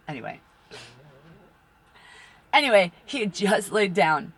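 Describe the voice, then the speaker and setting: A middle-aged woman spins a long, rambling story full of swearing, her fairly low voice leaping up and down as she goes. She laughs at her own bad luck, and dogs bark somewhere behind her. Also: lively intonation, brisk, fairly bright tone. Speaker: tarot reader and channel host.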